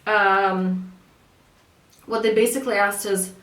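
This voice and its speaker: A woman's voice: mid-range voice, moderate pace, a bit bright. Woman, spiritual coach; earnest conversational delivery, acts out quoted voices; echoey room, distant mic. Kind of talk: casual spoken coaching talk.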